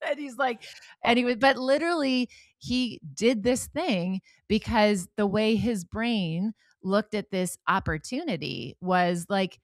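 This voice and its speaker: A woman's voice: mid-range voice, takes it slowly, no echo, clean studio sound. A middle-aged woman hosting a podcast interview, telling stories animatedly and acting out the voices of people she quotes. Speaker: podcast host. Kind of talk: conversational interview.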